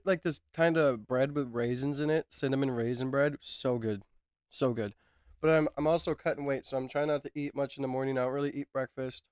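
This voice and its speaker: A man's voice: mid-range voice, a little mellow, smooth, no echo. A man hosting a livestream, chatting casually in a laid-back, rambling way. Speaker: streamer host.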